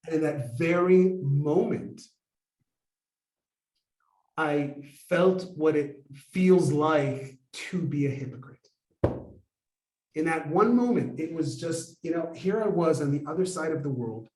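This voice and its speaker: Animated male storyteller, acts out dialogue, slightly high voice, roomy echo. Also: slow, pauses often. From United States. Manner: animated, acts out dialogue, asks the audience questions. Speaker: speaker. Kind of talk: personal story told to a live audience.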